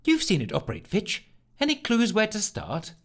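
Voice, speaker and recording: Imagine a practical storybook young woman, put on by a man in a raised, brisk voice. She is sensible and a little flustered, stumbling a touch when unsure. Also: high-pitched, wildly swooping pitch, gravelly, fairly bright tone, pitched above the performer's own voice, full character voice.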